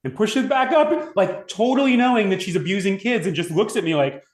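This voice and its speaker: A man from Long Island telling school stories in casual chat, animated, swearing freely and laughing as he goes. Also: sits high, fairly quick. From Long Island, New York. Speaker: podcast guest. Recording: roomy echoey room.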